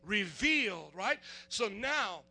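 A man preaching a sermon as pastor, fervent, quizzing the congregation in call-and-response and building up to shouts. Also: high-pitched, big pitch swings, slow pace.

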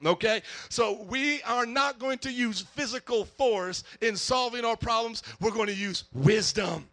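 A man preaching a lively sermon in church, drifting into Southern slang when he gets worked up. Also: high-pitched, normal speed, hardly any pauses. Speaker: pastor.

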